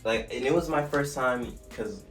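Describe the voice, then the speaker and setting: A man's voice: mid-range voice, moderate pace. Slangy young man telling a story. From New Jersey. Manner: animated, slangy storytelling with profanity. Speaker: vlogger. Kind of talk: storytime vlog. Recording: distant mic with faint music.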